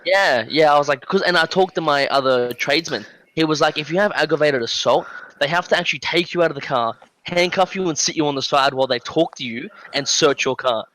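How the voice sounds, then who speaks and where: A man's voice: a little high, a little fast, hardly any pauses. A young man with an Australian accent telling a story on a casual podcast, acting out the dialogue with lots of fillers. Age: young adult. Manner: animated, acts out dialogue, many fillers. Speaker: podcast guest.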